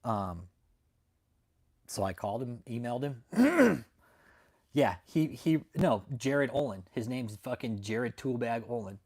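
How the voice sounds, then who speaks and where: A man's voice: medium pitch, animated, a little slow, darkish tone. A young adult man hosting a channel, telling a story to his viewers in a brash, profane, casual rant. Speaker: channel host.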